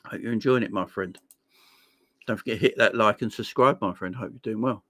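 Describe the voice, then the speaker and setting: A man hosts a casual live chat in a brisk, somewhat low, slightly bright voice with no echo. He reads viewer comments aloud, laughs a lot, and calls people "my friend."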